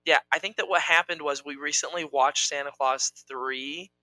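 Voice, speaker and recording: A young man co-hosting a casual chat, talking in an animated, rambling, playful way. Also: on the high side, normal speed, no echo, rough recording. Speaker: co-host.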